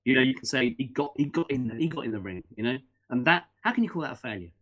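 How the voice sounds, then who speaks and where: A middle-aged man holds forth as a podcast guest, his pitch rising and falling in lively swings. He talks fast and rambles, tripping into restarts and peppering his talk with fillers. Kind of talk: casual interview chat.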